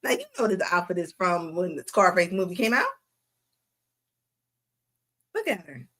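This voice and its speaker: A woman's voice: lowish voice, expressive, bright, forceful tone. A woman hosting a livestream, giving mocking reaction commentary with frequent laughter. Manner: laughing mocking banter, drawn-out asides. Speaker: host.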